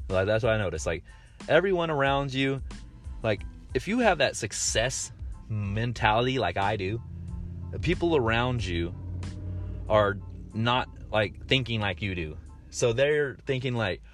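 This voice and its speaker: A man in his thirties hosting a casual monologue, rambling with lots of fillers and restarts, blunt and swearing freely. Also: on the low side. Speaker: podcast host.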